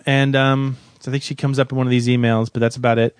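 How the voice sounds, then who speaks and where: A man's voice: mid-range voice, flat delivery, fast talker, smooth, no echo. A man co-hosting a comedy podcast, ranting in exasperation over his gripes. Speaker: podcast co-host. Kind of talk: comedic rant about a film.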